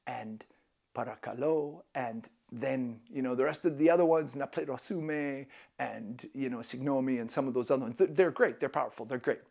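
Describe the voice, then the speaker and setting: Gravelly man hosting a travel vlog. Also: mid-range voice, darkish tone. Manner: enthusiastic and self-deprecating. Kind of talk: casual travel tips talk.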